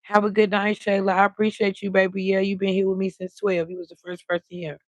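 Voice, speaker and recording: A woman's voice: mid-range voice, flat delivery, fast talker, no echo. A woman hosting a casual late-night livestream, chatting freely and greeting viewers by name, drawing her words out. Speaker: livestream host.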